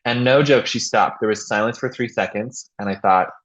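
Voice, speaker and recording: A man hosting a podcast, telling stories in a casual, animated way and acting out the voices of people he quotes. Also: fairly low pitch, moderate pace, poor audio. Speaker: podcast host. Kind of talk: casual chat and storytelling.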